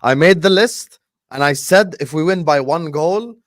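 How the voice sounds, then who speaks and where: A man's voice: on the high side, normal speed, no room sound, clean studio sound. A man whose first language is Arabic, co-hosting a football podcast and pressing his points with rhetorical questions. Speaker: podcast co-host. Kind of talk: casual chat.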